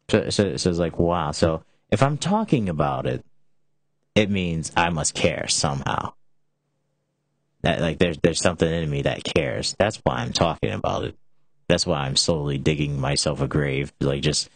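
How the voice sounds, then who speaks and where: A man's voice: very deep voice, no room sound. A young man hosting a casual talk show, rambling with many restarts and filler words. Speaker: show host.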